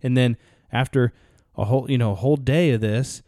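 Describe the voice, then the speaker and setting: In casual storytelling on a podcast he co-hosts, a man rambles and often begins again. He speaks a little fast in a mellow, mid-range voice, with clean studio sound and no echo.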